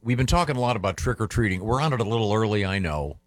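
Low-voiced halting radio host man. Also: expressive, dry recording. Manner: rambling, halting, self-interrupting. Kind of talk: casual radio banter.

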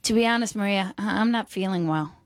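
A woman's voice: medium pitch, a little fast, no room sound, clean studio sound, lightly acted. A woman voicing two chatty grocery store women in an old comedy sketch, with a put-on accent. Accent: put-on foreign accent. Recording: played from an old album.

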